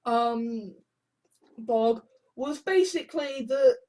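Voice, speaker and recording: A man's voice: very high voice, slow, darkish tone. A young man talking in a casual monologue, rambling with heavy swearing and sudden exasperated outbursts. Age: young adult. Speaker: video essayist.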